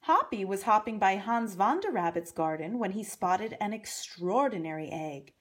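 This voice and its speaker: A woman reading a picture book aloud to young children, gently pointing out the pictures. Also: medium pitch, expressive, moderate pace. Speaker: storyteller.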